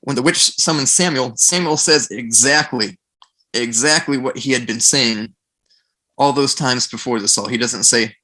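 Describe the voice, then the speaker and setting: A man with a bright, forward voice talks in a casual podcast discussion. He retells stories with animation and slips into quick character voices for quoted lines. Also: mid-range voice. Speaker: podcast guest.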